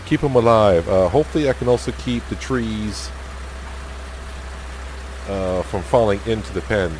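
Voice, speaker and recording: A man hosting a casual let's-play, talking through his farm chores in an easygoing, self-deprecating way and thinking out loud. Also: on the low side, normal speed, a little hiss or hum. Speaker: gaming channel host.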